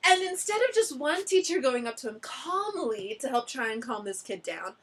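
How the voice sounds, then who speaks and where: Young woman, casual chat among friends, lively storyteller voicing others' lines, a touch high-pitched. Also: moderate pace, slightly rough. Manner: animated storyteller, acts out quotes, laughs often. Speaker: ALT teacher sharing stories.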